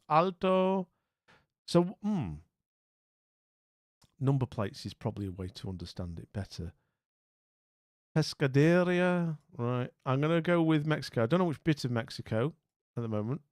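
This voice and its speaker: A man's voice: mid-range voice, no echo, clean studio sound. A man streaming live, talking casually and rambling as he thinks aloud and greets his viewers. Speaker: streamer playing a geography guessing game.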